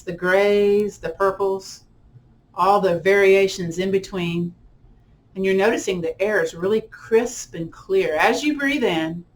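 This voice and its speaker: A woman yoga instructor leading a guided relaxation and visualization, talking in a gentle, unhurried, casual way with friendly fillers. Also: medium pitch, slight background noise.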